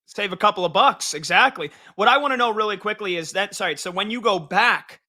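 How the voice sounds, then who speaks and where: A male co-host on a sports talk show with a high, very bright voice. He chats casually and keeps firing curious follow-up questions at his partner. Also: a little fast.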